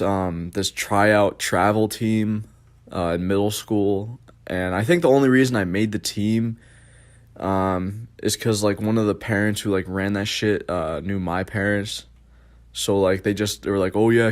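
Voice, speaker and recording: A man's voice: lowish voice, fairly even intonation, a little slow. A young man casually telling stories from his childhood as a podcast host, rambling and swearing, with many fillers and restarts. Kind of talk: casual storytelling.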